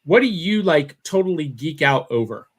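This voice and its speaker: A man hosts a casual morning podcast over a video call. His voice is high for a man, and he sounds upbeat and excitable. He often says the same phrase twice as he talks. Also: normal speed, breathy edge. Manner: upbeat and excitable, repeats himself. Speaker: podcast host. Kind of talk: casual chat.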